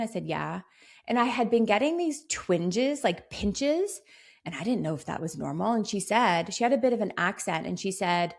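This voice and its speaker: A woman's voice: lowish voice, moderate pace, gravelly. A woman podcast host and business coach telling personal stories in a motivational solo monologue, acting out the lines of people in them. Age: 30s. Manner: warm storytelling, motivational, acts out quoted dialogue.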